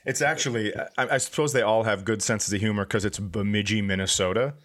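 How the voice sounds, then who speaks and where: Middle-aged male host, lowish voice, loose storytelling chat, animated quotes. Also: brisk. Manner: lively storyteller, acts out quotes in a raised voice. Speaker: podcast host.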